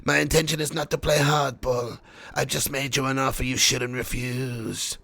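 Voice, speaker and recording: A man putting on a gravelly haggling football negotiator. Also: mid-range voice, level tone, moderate pace, bright, forceful tone, no echo. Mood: smooth, businesslike. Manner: mock accent, theatrical reading of in-game dialogue. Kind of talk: voicing game dialogue on a live stream.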